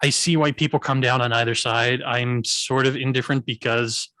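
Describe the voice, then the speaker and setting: A man co-hosting a casual film review chat, laying out his points in a measured, analytical way. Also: mid-range voice, steady tone, pushed and bright, dry recording. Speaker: film review show host.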